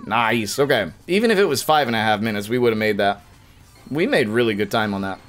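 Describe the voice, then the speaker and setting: A young man giving casual, jokey live-stream commentary while playing a video game, with quick bursts of frustration. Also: on the low side, lively intonation, a bit bright, soft background music.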